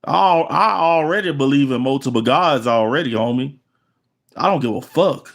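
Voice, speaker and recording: Man, middle-aged, African American Vernacular English accent, fairly high pitch, boastful, threatening, repetitive monologue. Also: moderate pace. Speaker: channel host. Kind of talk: ranting monologue to viewers.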